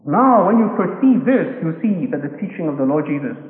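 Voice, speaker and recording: A man's voice: a little high, expressive, fairly quick. A man preaching a sermon in an earnest, probing way, now and then acting out selfish inner voices. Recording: echoey hall, tinny phone-like sound.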